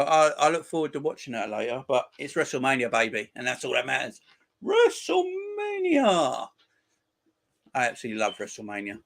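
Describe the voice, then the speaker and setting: A man's voice: mid-range voice, a bit bright. A man in his forties hosting a football channel, chatting casually with viewers on a live stream in crude, mocking banter. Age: 40s.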